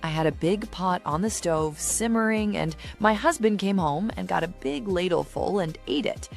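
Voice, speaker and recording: A woman voicing a worried married woman who breeds dogs, in a calm, explanatory manner, in a joke video. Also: on the low side, normal speed, creaky, soft background music. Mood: concerned.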